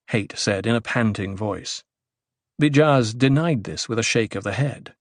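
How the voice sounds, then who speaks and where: A male audiobook narrator reads scripted narration in a measured, even storytelling style. His voice is fairly low, with clean studio sound and no echo.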